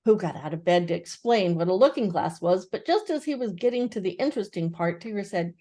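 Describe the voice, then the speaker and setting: An older woman gently and expressively reading a children's book aloud. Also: mid-range voice, expressive, a little fast, few pauses. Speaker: storyteller.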